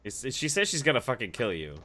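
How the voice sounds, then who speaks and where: A man with a bright, sharp voice that swings widely in pitch, joking crudely on a live stream. He drifts from loud bursts to low, muttered asides. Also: wildly swooping pitch, quick pace. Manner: crude, wry, trails off into mumbles. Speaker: co-host. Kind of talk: casual live-stream banter.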